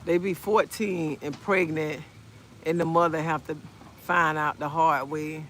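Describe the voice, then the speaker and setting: A woman, chatting on a phone live stream outdoors in a park. She talks in an outspoken, animated way and answers viewer comments as she goes. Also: low voice, unhurried, slight background noise. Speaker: livestreamer. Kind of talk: casual live-stream chat.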